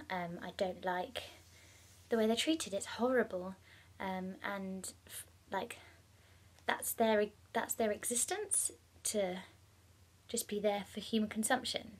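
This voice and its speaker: A young woman talking casually in a personal vlog, chatty, with many ums and bursts of excitement. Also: medium pitch, breathy edge. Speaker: vlogger.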